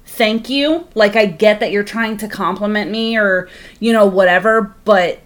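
A woman's voice: medium pitch, unhurried. A woman co-hosting a podcast in frank, casual chat, swearing freely and leaning on lots of fillers. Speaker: podcast co-host.

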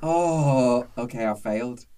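A man co-hosting a chat, expressive and dramatic, with loud laughs. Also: medium pitch, takes it slowly, distant mic, a crowd in the background. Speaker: co-host, drag performer. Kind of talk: casual chat.

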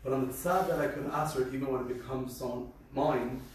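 A man's voice: medium pitch, steady tone, fairly quick, slight background noise. Distant man arguing a point, echoey room. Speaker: student. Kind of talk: study discussion.

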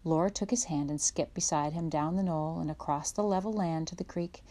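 A woman narrating a children's chapter book aloud in a gentle, unhurried way. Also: low-pitched. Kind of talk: storybook read-aloud.

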